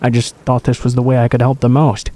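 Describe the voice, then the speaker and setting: A man's voice: medium pitch, monotone, fast, mellow, close to an everyday voice. A man voicing a protective young male country boy who talks in an earnest, reassuring way.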